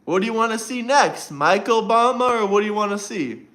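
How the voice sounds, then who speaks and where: A man's voice: sits high, lively intonation, fairly quick, a bit bright. A man hosting a casual livestream, talking to his chat and teasing viewers in a mocking way. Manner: mocking, taunting chat banter. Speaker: livestream host.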